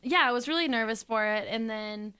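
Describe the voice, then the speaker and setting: A woman's voice: on the high side, a little fast, pushed and bright, clean tone. A woman in her twenties, a singer, telling her story in a casual interview, chatty and giggly with lots of fillers. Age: 20s.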